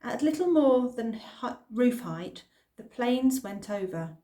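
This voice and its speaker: A woman reading a children's novel aloud in the first person, with expressive storytelling. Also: on the high side, takes it slowly. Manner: expressive storytelling, lively emphasis. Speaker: reader. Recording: roomy echo.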